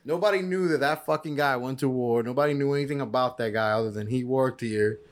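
A man's voice: mid-range voice, quick pace. Profane storytelling man. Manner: animated, profane, retells dialogue. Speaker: podcast guest, firefighter paramedic. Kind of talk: casual storytelling chat.

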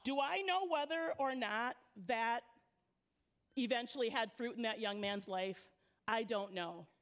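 A woman youth pastor giving a church sermon, praying and then telling stories in a relaxed, conversational way with frequent laughter. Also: a little high, a little slow. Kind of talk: sermon with storytelling. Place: church sanctuary.

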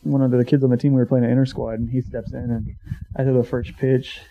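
A man in his twenties, a former college pitcher, casually telling a story, swearing freely and acting out what he once said. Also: little pitch movement, fast talker, a little hiss or hum. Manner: swears freely, acts out his own past remarks. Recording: dull lo-fi sound.

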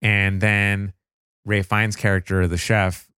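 Deep-voiced man in easy chat. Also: little pitch movement, sharp tone, smooth, no room sound, studio quality. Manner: measured, hesitant, uses fillers like "you know". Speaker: podcast co-host. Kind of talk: casual chat reviewing a film.

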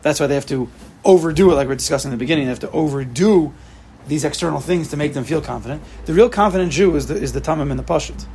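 Gravelly man lecturing emphatically. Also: on the high side, very fast, a little mellow, a little hiss or hum. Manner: emphatic, repeats key phrases, mixes in Hebrew and Yiddish terms. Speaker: teacher giving a class. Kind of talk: informal lecture with questions to students.

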